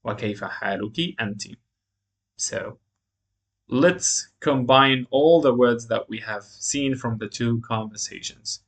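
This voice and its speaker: A man's voice: medium pitch, slow, a bit bright. A man teaching a beginners' language lesson, explaining grammar step by step and reading example phrases aloud. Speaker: Arabic teacher.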